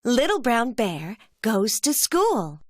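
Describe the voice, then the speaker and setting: A woman's voice: on the high side, very animated, slow pace, no echo. Lilting woman narrating a children's cartoon. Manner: clear, gentle storytelling with a lilting delivery.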